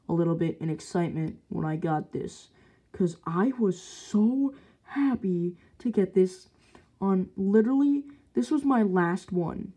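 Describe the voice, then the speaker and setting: A young woman vlogging about her collectible toys in an easy, casual way. She gushes with excitement and often slips into hushed, breathy asides. Her voice is warm and a little husky. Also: medium pitch. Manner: gushing, excitable, drifts into whispers. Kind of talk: casual unboxing chat.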